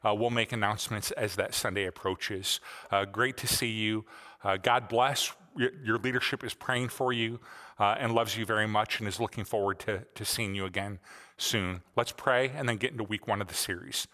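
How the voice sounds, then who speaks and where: A man's voice: fairly low pitch, fairly even intonation, normal speed, bright, forceful tone, long reverb tail. A male pastor preaching a sermon in a conversational way, with frequent fillers.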